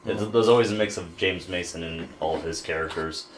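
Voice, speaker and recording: Low-voiced man in a roomy space. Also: fairly quick. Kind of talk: casual group chat. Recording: roomy with crowd chatter.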